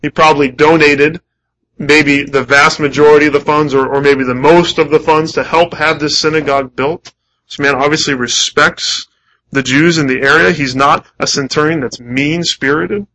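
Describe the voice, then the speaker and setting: Bright-voiced preaching man. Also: a little high, steady tone, normal speed, slight background noise, low-quality recording. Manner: emphatic, repeats key phrases; asks rhetorical questions. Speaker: pastor. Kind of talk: sermon.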